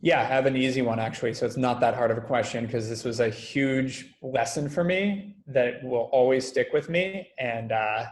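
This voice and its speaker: A man, a company founder, being interviewed and telling stories in a lively way, acting out quoted dialogue. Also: mid-range voice, echoey room, a little hiss or hum. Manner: fast, animated, acts out quoted dialogue. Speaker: guest, company founder and CEO. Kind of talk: conversational interview storytelling.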